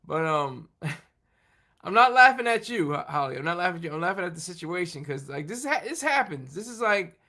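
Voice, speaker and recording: His voice is high-pitched, sing-song, pushed, and bright as he hosts a relaxed livestream chat. Responding to viewers, he rambles and halts, with plenty of restarts, asides, and laughter.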